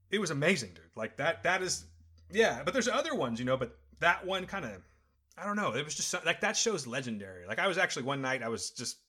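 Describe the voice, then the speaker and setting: A middle-aged man talking casually and telling a story with real enthusiasm. His pitch rises and falls a lot. His voice is bright and clear, and he rambles from one point to the next. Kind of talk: casual chat.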